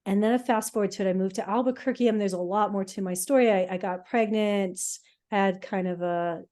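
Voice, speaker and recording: A middle-aged woman, a podcast co-host, telling her own healing story in an emotional, halting way with many fillers. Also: fairly low pitch, mellow. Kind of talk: casual personal storytelling.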